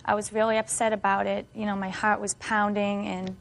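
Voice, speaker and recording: A woman's voice: mid-range voice, little pitch movement, brisk, creaky. A middle-aged woman defendant giving a long, detailed account in court. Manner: long, detailed storytelling with fillers. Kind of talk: courtroom testimony.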